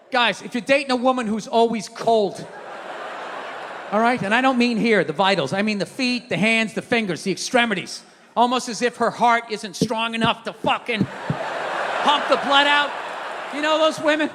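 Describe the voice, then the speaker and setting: A stand-up comedian, a man, delivering a profane rant with shouted bursts. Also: very high-pitched. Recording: echoey hall, live crowd, background noise.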